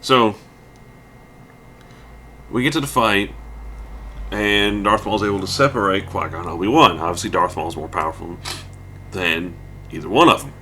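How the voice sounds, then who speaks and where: A man's voice: deep voice, normal speed, pauses often, bright, forceful tone, slight background noise. A man giving casual, rambling let's play commentary, ranting with lots of fillers and restarts.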